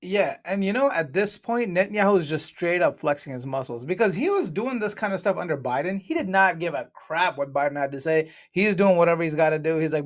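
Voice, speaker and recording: A man with a fairly high voice talks on a podcast panel. He speaks bluntly and slips into slang and mocking asides. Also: expressive, brisk, few pauses. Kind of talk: heated podcast discussion.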